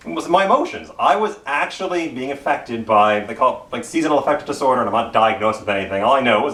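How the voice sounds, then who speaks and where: Far from the mic in a roomy church, a middle-aged pastor with a Canadian accent speaks in a medium-pitched, fairly bright voice. He preaches casually, telling self-deprecating stories about himself and repeating phrases.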